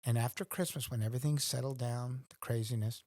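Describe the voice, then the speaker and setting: Gravelly, husky man telling stories. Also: medium pitch, steady tone, fairly quick, darkish tone, no echo. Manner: earnest storyteller, acts out his own thoughts. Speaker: guest. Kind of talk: casual conversation.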